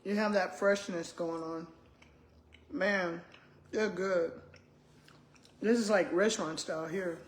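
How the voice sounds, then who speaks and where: A woman's voice: on the low side, steady tone, takes it slowly, long pauses. An older woman, chatting casually with viewers while eating and talking between bites. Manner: chatty, talks with her mouth full, calls viewers "y'all". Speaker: vlogger, retired school principal. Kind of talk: casual live-stream chat while eating. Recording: echoey room.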